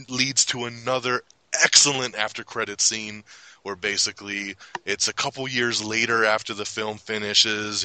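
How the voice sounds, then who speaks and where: An excitable man chatting casually about movies, his voice bright and forceful. He laughs often and jumps up in pitch when he acts out quotes. The sound is dry and close. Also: no echo, poor audio. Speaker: podcast host. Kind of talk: casual movie review chat.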